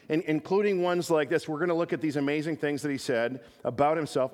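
Brief: man, pastor, relaxed sermon with jokes, slightly high voice, long reverb of a church hall. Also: fast talker, hardly any pauses. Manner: conversational, joking asides.

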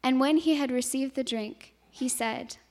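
A woman slowly reading scripture in a measured way, her voice softening on the quoted words. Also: high voice, slight background noise. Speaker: scripture reader. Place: church. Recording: long hall reverb.

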